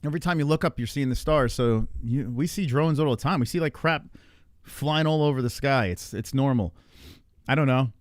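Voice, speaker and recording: A man's voice: a little high, a little fast, no echo, studio quality. A man with an East Coast accent hosting a casual live stream, rambling and restarting his thoughts. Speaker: streamer host.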